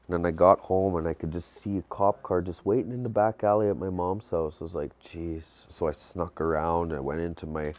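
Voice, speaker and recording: A man calmly recounting personal memories in an interview. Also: brisk, few pauses. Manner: low-key, reflective, with small laughs. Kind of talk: personal storytelling.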